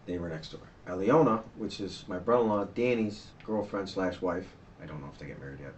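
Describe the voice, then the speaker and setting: A middle-aged man gives a detective his account in a police interview room, circling back and repeating himself as he goes. His voice sits on the low side, with a faint hiss of noise behind it. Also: brisk, dull audio. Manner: tumbling, repetitive storytelling with restarts. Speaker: witness being questioned by police.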